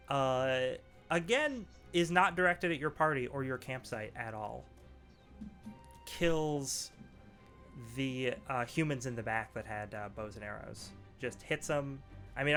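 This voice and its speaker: A man narrating a tabletop game as game master, relaxed and laughing, with many fillers. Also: mid-range voice. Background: faint background music.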